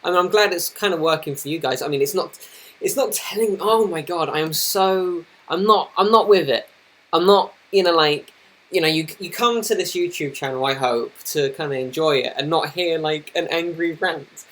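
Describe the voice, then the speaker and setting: Young guy, slightly high voice, casual live-stream chat, keeps apologizing and restarting sentences. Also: normal speed, a bit bright. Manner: flustered, apologetic, rambling with many restarts. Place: indoors at his computer. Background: noisy laptop fan.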